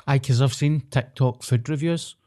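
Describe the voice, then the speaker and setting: A man's voice: mid-range voice, normal speed, warm tone. A Glaswegian man co-hosting a podcast, joking bluntly with plenty of swearing. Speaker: podcast co-host. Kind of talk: casual chat.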